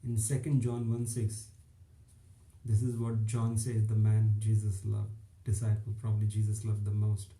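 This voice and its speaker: A man's voice: on the low side, completely flat delivery, moderate pace, dark tone, roomy sound, rough recording. A man preaching an informal online sermon, emphatic and repetitive, with little chuckles between phrases.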